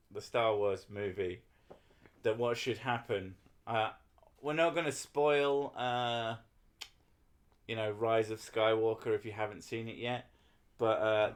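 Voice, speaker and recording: A man's voice: on the low side, steady tone, takes it slowly. Rambling, sweary male streamer. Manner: rambling, sweary, chats with viewers. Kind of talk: casual livestream chat.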